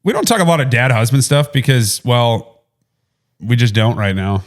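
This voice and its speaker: Male co-host, thirties, booming casual delivery, rambling and unpolished. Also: animated, normal speed. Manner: loud, rambling, lots of fillers and restarts. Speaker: podcast co-host. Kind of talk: casual business podcast chat.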